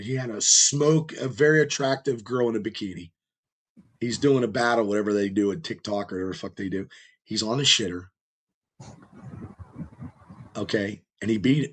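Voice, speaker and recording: A man with a rough, strained voice, hosting a podcast and telling long, rambling, profane stories in casual chat. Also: medium pitch. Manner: rambling storyteller, heavy swearing. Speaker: podcast host.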